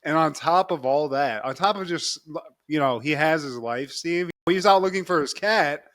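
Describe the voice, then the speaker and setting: A man with a slightly high voice rattles through a sitcom recap, swearing freely and laughing between lines. He keeps calling out to his co-host as he goes. The sound is dry and close, with no room around it. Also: normal speed, dry recording. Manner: animated, profane, laughs often, keeps addressing his co-host. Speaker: podcast co-host. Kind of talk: casual recap chat.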